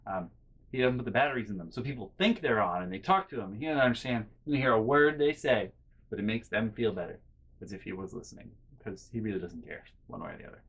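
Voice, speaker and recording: A young man vlogging, telling a casual, rambling story full of restarts and quiet muttered asides. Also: on the low side, fast, breathy edge. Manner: rambling, self-interrupting with fillers and restarts.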